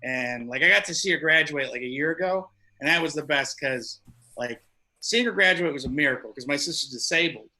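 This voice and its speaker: On a club stage, a male comic does a stand-up set full of loose, profane stories, acting out the people he quotes. His voice is medium-pitched with a sharp tone, and the recording quality is low.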